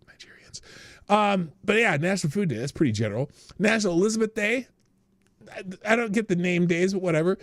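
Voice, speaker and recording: A man's voice: a little high, no room sound, clean studio sound. An American man hosting a live stream, making sarcastic remarks, laughing at his own jokes and reading out news. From United States. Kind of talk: casual solo live-stream commentary.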